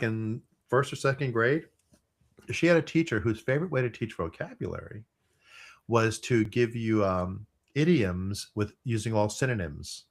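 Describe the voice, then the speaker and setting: A man co-hosting a casual podcast, his voice sitting at an ordinary middle pitch. He tells jokes and family stories loosely, stopping and restarting as he goes. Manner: storytelling, lively joke-teller with restarts. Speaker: podcast co-host. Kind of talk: casual chat.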